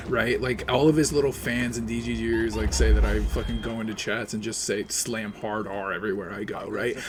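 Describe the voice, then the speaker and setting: A man's voice: fairly low pitch, noisy background. A man, streaming a game and ranting sarcastically with a lot of swearing. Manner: sarcastic, profane, animated. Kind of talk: casual ranting while playing a game.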